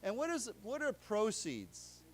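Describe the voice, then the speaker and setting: An American man giving a live English lesson in a library lecture room, explaining words slowly with many fillers and restarts. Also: high voice, wildly swooping pitch. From United States. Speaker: English teacher.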